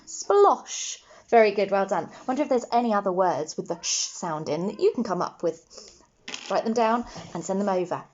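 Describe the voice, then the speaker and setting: A woman's voice: mid-range voice, fairly quick, a little mellow, highs cut off. A woman teaching a phonics lesson to young children, patient and encouraging, sounding out each letter. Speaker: primary school teacher.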